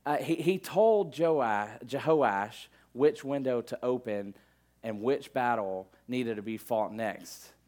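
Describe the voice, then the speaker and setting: Male pastor, middle-aged, mid-pitched voice, chatty sermon delivery full of asides. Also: slow, a little mellow. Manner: conversational preaching with asides and fillers.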